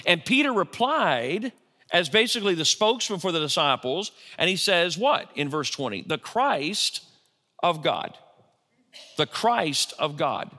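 A middle-aged pastor preaches in a relaxed, conversational way, tossing questions back to his congregation. His voice is bright and forceful and sits a little high. The sound rings out with the long reverb of a church hall. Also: unhurried. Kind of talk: sermon.

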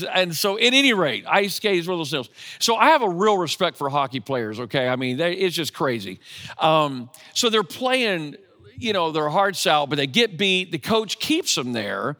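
A man's voice: fairly high pitch, pushed and bright. A man preaching a sermon as pastor, talking casually and often checking in with the congregation. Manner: conversational, asks the audience questions. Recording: long hall reverb.

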